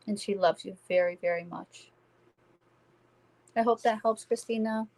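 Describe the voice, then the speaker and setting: A woman working as a psychic medium, giving a live-stream spirit reading and speaking gently and reassuringly to viewers by name. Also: mid-range voice, fairly even intonation, measured pace, poor audio.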